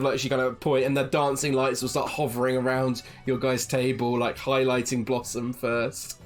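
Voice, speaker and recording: A game master narrating a tabletop fantasy game in a lively, animated way, with frequent fillers. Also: mid-range voice, normal speed, hardly any pauses, soft background music.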